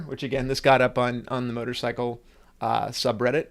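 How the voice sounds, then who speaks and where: A man's voice: mid-range voice, flat delivery, brisk, vocal fry. A man hosting a casual livestream, ranting with sarcasm and frequent swearing. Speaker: livestream host.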